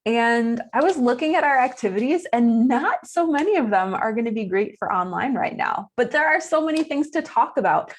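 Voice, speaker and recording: A woman's voice: on the high side, expressive, moderate pace, few pauses. A young woman, a nature camp educator, giving a chatty, playful live-streamed science lesson for children from home, laughing at her own jokes.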